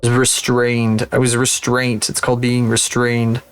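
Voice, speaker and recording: A man's voice: medium pitch, monotone, moderate pace, smooth, soft background music. A man streaming live, chatting casually and rambling with lots of swearing and self-mocking jokes while he works.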